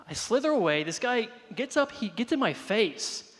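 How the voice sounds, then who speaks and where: High-pitched male comic, self-deprecating storyteller, live room with long reverb. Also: big pitch swings, normal speed, fairly bright tone, a little hiss or hum. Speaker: stand-up comedian. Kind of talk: stand-up comedy set.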